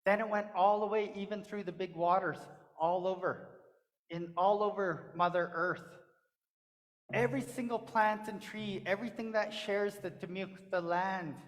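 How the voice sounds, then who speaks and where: A woman storyteller telling a traditional tale during a church service in a rhythmic, repetitive way, with pauses. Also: medium pitch, steady tone. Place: church sanctuary. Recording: long echo of a church hall.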